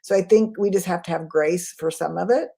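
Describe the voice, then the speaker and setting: A woman communication trainer in a live webinar, answering chat questions in a quick, conversational way. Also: on the low side, gravelly, dark tone. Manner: quick, conversational, self-aware.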